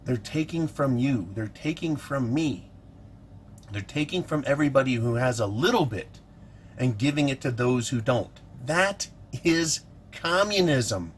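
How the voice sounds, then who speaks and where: A man's voice: mid-range voice, unhurried, slight background noise. Indignant ranting man. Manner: indignant, sarcastic, animated. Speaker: political commentator. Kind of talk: ranting vlog monologue.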